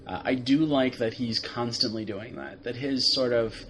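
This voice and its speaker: A man's voice: medium pitch, moderate pace, a bit bright, slight background noise. A man co-hosting a casual review podcast, rambling and hesitant, often slipping into playful quoted lines. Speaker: podcast co-host.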